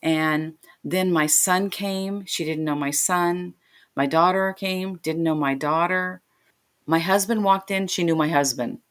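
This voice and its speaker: A middle-aged woman, a guest on a podcast, recounts a personal story. Her voice sits low, and she tells it with vivid emotion, slipping into the voices of the people she quotes. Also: measured pace.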